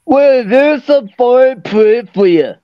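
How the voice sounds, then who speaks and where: A man's voice: very high voice, lively intonation, takes it slowly, no echo, muffled recording, full character voice. A man doing a sarcastic grumpy ogre. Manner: gruff, sarcastic, tries a Scottish accent. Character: grumpy male ogre husband. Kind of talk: fan dub of an animated film.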